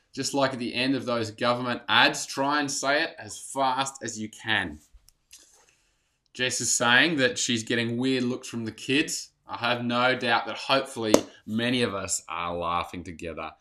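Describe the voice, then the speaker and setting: A man's voice: medium pitch, pushed and bright. A man preaching a casual, encouraging online sermon to a church in lockdown. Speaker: pastor.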